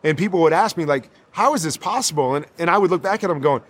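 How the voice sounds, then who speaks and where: A man's voice: on the high side, animated, fast, a bit bright, husky. A man, a former quarterback, talking casually in an interview and animatedly acting out what people said to him.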